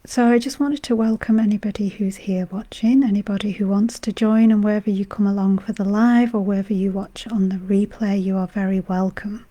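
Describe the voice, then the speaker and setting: A woman from Britain who is unwell, her voice going, talking gently and softly as a meditation guide on a live stream, rambling with many fillers. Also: mid-range voice, steady tone, a little fast, hardly any pauses. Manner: soft-spoken, gentle and rambling, with frequent fillers. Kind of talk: casual spiritual talk on a live stream.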